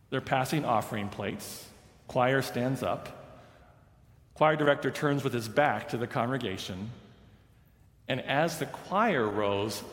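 A male pastor telling a story in a sermon, measured and storytelling, dropping softer for quoted lines. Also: medium pitch. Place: large church sanctuary. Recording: roomy sanctuary with long reverb.

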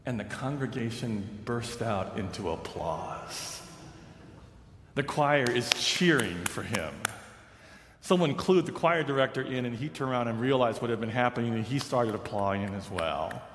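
Male preacher narrating a sermon story, calm and measured, recorded in a reverberant sanctuary. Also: medium pitch. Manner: measured storyteller, softening for quoted lines. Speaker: pastor. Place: large church sanctuary. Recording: roomy sanctuary with long reverb.

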